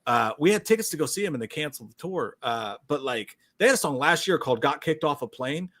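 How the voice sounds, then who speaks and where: A man's voice: on the high side, animated, a bit bright. A man co-hosting a casual livestream, riffing enthusiastically about music and movies with lots of swearing. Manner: enthusiastic, profane, fast riffing. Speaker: podcast co-host.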